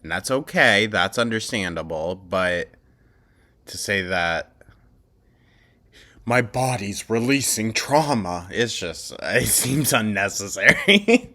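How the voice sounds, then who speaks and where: Male reaction host, slow drawl, blunt and sarcastic. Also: on the low side, expressive, sharp tone. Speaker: commentary host. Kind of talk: reaction commentary.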